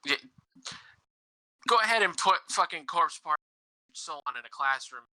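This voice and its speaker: A man with a very bright, forceful voice talks in casual podcast chat. He swears freely and laughs as he tells work stories. The recording is close and dry. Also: on the high side, animated, moderate pace, dry recording, rough recording. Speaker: podcast host.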